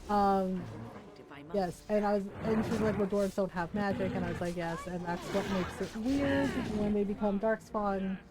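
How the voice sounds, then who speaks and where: A woman's voice: medium pitch, normal speed, loud music behind the voice, rough recording. A woman streaming a game live, chatting and giggling as she rambles about the story. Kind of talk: live gameplay commentary.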